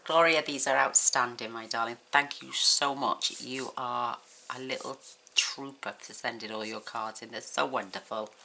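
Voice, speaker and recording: A woman's voice: a bass voice, steady tone, moderate pace, creaky, bright, forceful tone. A woman hosting a crafting channel, chatting casually and gushing with effusive exclamations as she unboxes mail. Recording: noisy room with paper crinkling.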